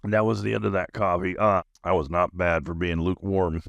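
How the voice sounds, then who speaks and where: A man's voice: deep voice, level tone, brisk, creaky, a bit bright, dry recording, dull audio. A man hosting his own podcast, talking on and on in a loose, caffeinated monologue full of fillers. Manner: rambling, nonstop talker with many fillers. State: highly caffeinated. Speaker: podcast host. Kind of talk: rambling solo podcast monologue.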